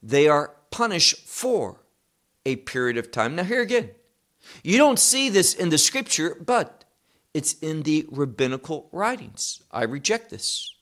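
A man's voice: on the high side, very animated, measured pace, a bit bright. A man giving a Bible teaching, emphatic and posing rhetorical questions he then answers.

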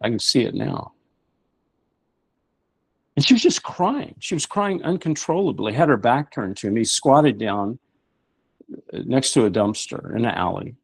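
A man's voice: mid-range voice, expressive, measured pace, vocal fry, long pauses, breathy edge, no echo. A middle-aged man hosting a show, preaching emphatically with rhetorical questions. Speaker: show host. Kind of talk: preaching talk-show monologue.

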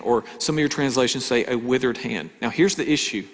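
A man's voice: mid-range voice, fairly quick, few pauses. Man preaching a sermon in a reverberant hall. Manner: conversational preaching with rhetorical questions and dramatic shifts in volume. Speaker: pastor.

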